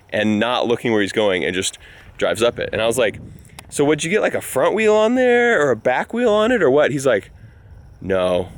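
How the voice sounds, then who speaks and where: A man hosting a casual vlog, telling stories in a lively way and acting out the dialogue. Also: medium pitch. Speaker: vlogger host. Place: on a ranch, in and around a barn.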